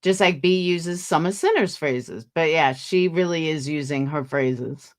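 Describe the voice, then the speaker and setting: A woman's voice: low voice, unhurried. A woman hosting a casual livestream, tired and yawning, gossiping and greeting viewers by name. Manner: chatty, gossipy, reads out viewer names. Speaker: livestream host. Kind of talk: casual chat with live viewers.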